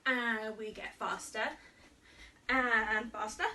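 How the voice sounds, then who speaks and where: A woman leads young children through warm-ups with cheerful, coaxing cues. Her voice is high and bright and she speaks slowly. She sounds slightly distant from the mic, with faint noise in the room. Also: steady tone. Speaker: children's martial arts instructor. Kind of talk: kids' exercise class led to camera.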